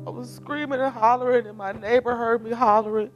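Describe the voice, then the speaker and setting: A woman's voice: on the high side, fairly even intonation, a little fast, highs cut off, soft background music. A middle-aged woman, a bereaved mother giving an emotional personal testimony, tearful, her voice rising as she tells it.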